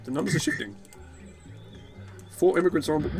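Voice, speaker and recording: A man's voice: on the high side, lively intonation, brisk, vocal fry, long pauses, music in the background. A man giving rambling, jokey let's play commentary, swearing freely as he plays. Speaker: gaming video host.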